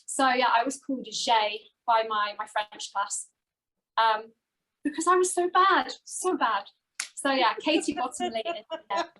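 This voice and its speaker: A woman co-hosting a talk show, telling stories in casual chat with an animated manner. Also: on the high side, measured pace, low-quality recording. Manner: animated storytelling.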